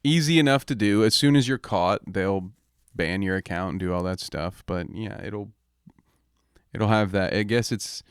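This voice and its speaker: Sardonic low-voiced young man. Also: moderate pace, smooth, no room sound, studio quality. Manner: sardonic, wry running commentary. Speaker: podcast co-host. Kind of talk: casual chat.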